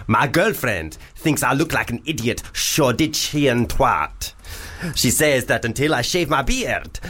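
A man's voice: fairly high pitch, a bit bright, voice pushed up, full character voice. A man reading out a listener's email in a put-on comic foreign accent on a radio show.

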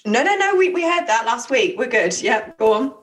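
A woman's voice: a little high, moderate pace, rough recording. A woman co-hosting a casual podcast, blunt and teasing as she tells her stories. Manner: blunt, teasing, animated storyteller. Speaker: podcast co-host.

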